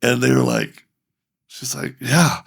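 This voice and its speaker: Gravelly, husky man telling a lively story. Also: medium pitch, a little slow. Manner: animated storyteller, acting out both sides of dialogue and laughing. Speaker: guest speaker, ministry leader. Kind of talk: storytelling in a podcast conversation.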